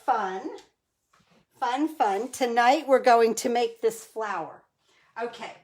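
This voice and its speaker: A woman's voice: fairly high pitch, slow pace, darkish tone, slight background noise. A middle-aged woman from New Jersey hosting a casual live card-making tutorial, chatty and enthusiastic, greeting viewers by name.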